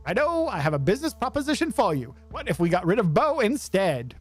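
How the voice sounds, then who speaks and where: A man voicing an eager young male rodent street vendor, chirpy and scheming in a high voice. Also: big pitch swings, brisk. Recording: faint music behind.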